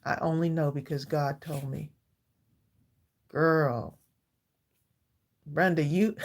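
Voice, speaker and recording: Low, slow and full of vocal fry, this sixty-something woman's voice pauses often as she runs her live craft stream. She chats heartfeltly with viewers, greets them by name, and laughs frequently between thoughts.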